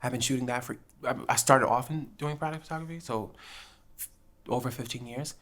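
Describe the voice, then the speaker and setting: This New Jersey woman speaks in a brisk bass voice as a podcast host. Her casual storytelling is lively, full of frequent laughter and quotes she performs aloud.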